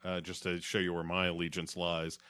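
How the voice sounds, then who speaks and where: A man's voice: low-pitched, monotone, a little fast, bright, forceful tone, clear, resonant tone. A man co-hosting a podcast, recapping in a laid-back casual chat and dropping into playful silly voices. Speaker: podcast co-host.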